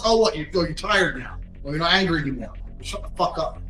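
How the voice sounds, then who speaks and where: A man giving a blunt, profane motivational talk in a forceful, lecturing manner. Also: fairly high pitch, expressive, fairly quick, echoey room, soft background music, low-quality recording. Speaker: motivational speaker.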